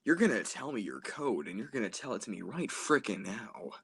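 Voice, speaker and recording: A young man playing a tough, swaggering government interrogator, with a gruff, mock-menacing delivery in a casual podcast bit. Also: lowish voice, big pitch swings, a little fast, a bit bright, exaggerated voice.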